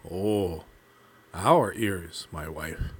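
A sly, jealous old owl husband from a storybook, crooning low and letting each phrase sink to a husky hush, as a male narrator puts him on. The voice sits well below the speaker's own, slow and drawn out. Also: exaggerated voice. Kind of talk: storybook character voice.

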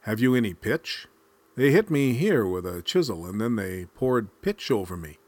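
A man's voice: on the low side, big pitch swings, a little mellow, no echo. A man voicing a small, clever male raccoon trickster in a spoken folk tale, sly and pleading by turns. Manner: pleading, quick-witted.

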